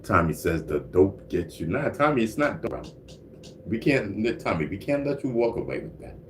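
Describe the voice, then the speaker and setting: A man's voice: on the low side, very animated, normal speed, fairly bright tone, faint music behind. A man hosting a casual livestream, chatting loosely and reading out viewer comments. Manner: laid-back, repeats "you know what I mean", frequent laughs and coughs. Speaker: livestream host. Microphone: single mic livestream.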